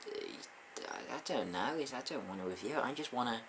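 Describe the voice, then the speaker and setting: A man's voice: mid-range voice, animated, fairly quick, gravelly, a bit bright, a little hiss or hum. Hesitant, sarcastic man reviewing an album. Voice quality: hesitant, many fillers, dry sarcasm. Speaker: album reviewer, channel host. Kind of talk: casual spoken album review.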